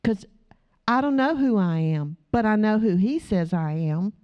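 A woman's voice: mid-range voice, animated, unhurried, smooth. A woman preacher giving a chatty, storytelling sermon with asides to the congregation, recorded on a dull lo-fi recording. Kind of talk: conversational sermon.

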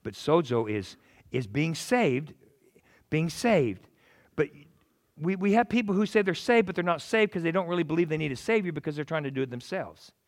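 A middle-aged male pastor preaching a sermon in an animated, joking way, acting out little voices. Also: fairly high pitch, normal speed. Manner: animated, jokey, acts out voices.

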